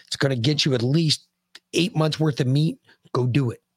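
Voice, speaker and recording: A man co-hosting a casual podcast, talking loudly and profanely and breaking into shouts when something amuses him. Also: a little high, normal speed, no room sound, clean studio sound. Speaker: podcast co-host. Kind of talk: casual chat.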